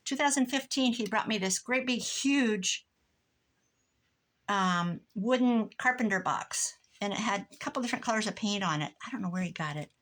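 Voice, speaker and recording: A woman's voice: mid-range voice, lively intonation, normal speed, a bit bright. A middle-aged woman from Iowa chatting casually as she works on a craft project at home, wandering off on tangents. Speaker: crafter vlogger. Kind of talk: casual chat while crafting.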